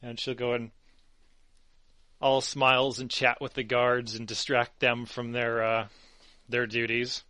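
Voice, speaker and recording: A man narrating as game master of a tabletop game, relaxed and rambling with many fillers. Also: medium pitch, a little slow, long pauses, clean tone, dry recording, clean studio sound.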